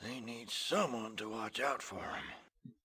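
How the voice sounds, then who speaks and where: An actor playing an old male ghoul caretaker, raspy and wheezing, with a folksy drawl and cackling laughs. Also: on the low side, slow pace, bright, forceful tone, heavily acted. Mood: folksy rambling. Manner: drawling folksy hillbilly-like talk. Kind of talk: video game character dialogue.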